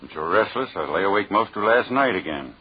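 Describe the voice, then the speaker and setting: A man's voice: lowish voice, lively intonation, brisk, husky. A man playing a tired shipyard worker in a 1930s radio ad, with a plaintive, worried manner. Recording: dull old radio recording.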